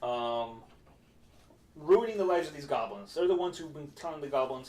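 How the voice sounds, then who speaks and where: A man's voice: on the high side, animated, normal speed, a little mellow. Rambling man recapping a game. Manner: rambling, with fillers and laughs. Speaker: game master. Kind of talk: casual chat stream.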